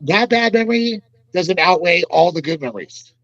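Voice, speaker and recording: Podcast guest, man, fairly high voice, rambling swear-heavy storyteller, dull dry recording. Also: lively intonation, moderate pace, fairly bright tone, no room sound. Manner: profane, rambling, emphatic. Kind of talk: casual storytelling.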